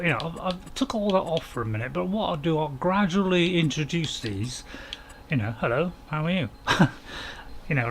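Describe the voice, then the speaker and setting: A man's voice: medium pitch, slight background noise. A man hosting a casual game let's-play, chatting with viewers in a rambling, apologetic way with frequent chuckles. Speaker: gaming channel host.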